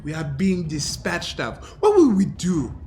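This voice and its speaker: A man's voice: on the high side, huge pitch swings, a little slow, a little mellow, soft background music, full character voice. A man voicing a bitter scarred warrior in his forties. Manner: defiant, proud speeches.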